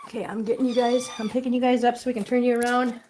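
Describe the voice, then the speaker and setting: Woman, casual livestream chat, baby-talk to cats, fairly high voice, at home. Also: level tone, racing, a little mellow, a little hiss or hum. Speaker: host of a cat-care livestream.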